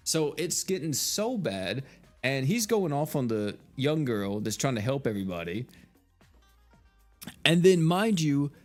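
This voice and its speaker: Exasperated young American man ranting. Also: a little high. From United States. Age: 20s. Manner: exasperated, swears freely, laughs through his stories. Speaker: game streamer. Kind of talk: casual storytelling chat while gaming.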